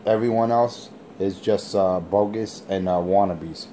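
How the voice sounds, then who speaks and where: A man trash-talking rivals over a handheld radio mic, boasting and taunting in a slow drawl. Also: deep voice, very noisy. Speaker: CB radio operator. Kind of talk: on-air radio banter.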